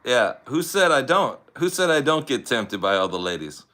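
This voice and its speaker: A man's voice: medium pitch, big pitch swings, moderate pace, pushed and bright. An older man with a Californian accent, chatting in an easygoing, joking way on a livestream. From San Francisco Bay Area. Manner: laid-back, easygoing, joking. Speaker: guest on a livestream. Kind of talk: casual livestream chat.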